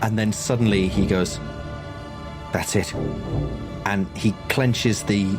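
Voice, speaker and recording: A man running a tabletop horror game as game master, telling the scene in a measured, descriptive way. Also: fairly low pitch, fairly even intonation, music in the background.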